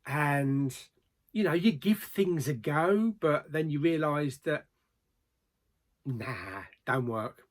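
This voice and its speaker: A man reviewing films in a casual vlog, plain-spoken, with frequent ums and trailing pauses. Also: a little high, lively intonation. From Australia. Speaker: movie reviewer.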